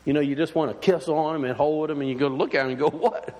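High-voiced preacher in a reverberant hall. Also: male voice, fairly even intonation, very fast, darkish tone. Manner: conversational preaching with many fillers and restarts; asks the congregation questions. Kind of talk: sermon.

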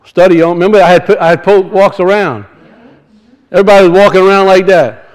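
Pastor, male, high voice, homespun storytelling sermon delivery. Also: quick pace, poor audio. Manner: folksy storytelling, rising to emphatic scripture reading.

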